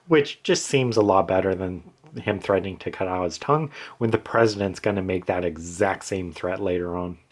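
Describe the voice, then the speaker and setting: A man in casual talk, explaining changes he made to his writing, rambling with many fillers and restarts. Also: sits low. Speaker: author explaining his edits.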